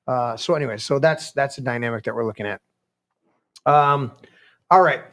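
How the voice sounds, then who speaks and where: A man's voice: medium pitch, normal speed, a bit bright. A man hosting a podcast, ranting casually and reading news articles aloud, rambling, swearing and stumbling over words. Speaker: podcast host.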